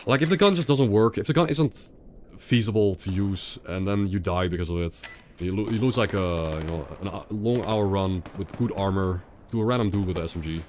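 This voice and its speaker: A man's voice: low voice, brisk, darkish tone, a little hiss or hum. A young man streaming a video game, rambling and sarcastic, often repeating himself. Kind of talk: casual gameplay commentary.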